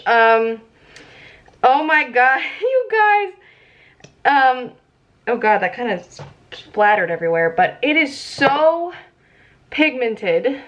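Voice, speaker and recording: A young woman vlogging casually about her makeup, excitable and giggly, chatting as she works. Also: a little high, takes it slowly, pauses often. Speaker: beauty vlogger. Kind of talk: casual makeup tutorial chat. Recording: slightly dull lo-fi audio.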